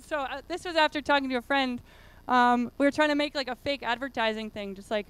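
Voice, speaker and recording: Woman, conference speaker, high voice, chatty with lots of "like"s, very clear sound. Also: fast, fairly bright tone, no echo. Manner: chatty, many fillers and "like"s. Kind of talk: casual conference talk. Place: conference room.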